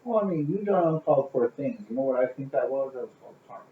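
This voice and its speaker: A man's voice: medium pitch, lively intonation, very fast, a little hiss or hum. A man co-hosting a casual podcast, teasing and needling his friend bluntly. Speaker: podcast co-host. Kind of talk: casual chat. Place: home garage. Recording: distant in an echoey garage, lo-fi.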